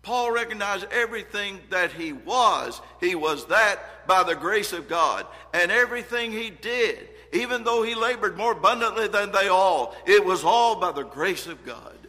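A man preaching a sermon in a bright, forceful voice pitched a little high. He reads scripture with earnest emphasis, rising and dropping in volume. A long reverb trails his words through the hall. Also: expressive, normal speed, hardly any pauses.

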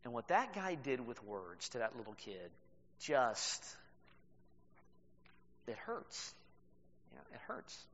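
Animated pastor preaching in a hall. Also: male voice, medium pitch, slow, pauses often, slight background noise. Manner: storytelling, animated with laughs. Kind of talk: sermon. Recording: reverberant hall, dull sound.

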